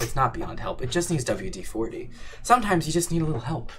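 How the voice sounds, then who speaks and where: A man's voice: fairly high pitch, sing-song, quick pace, fairly bright tone, a little hiss or hum. A man hosting a casual livestream Q&A, rambling and playful, swearing and laughing often. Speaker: audio creator hosting a livestream Q&A.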